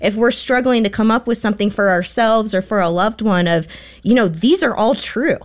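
A woman guest on an interview, speaking at an ordinary middle pitch. She tells a heartfelt story in a conversational, engaged way. Her tone is sincere throughout. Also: moderate pace. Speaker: author and guest.

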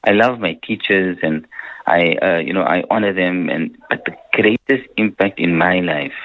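A man speaking earnestly and warmly about his father as a guest on a radio interview, with many "you know" restarts. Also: deep voice, normal speed. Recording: tinny radio phone line.

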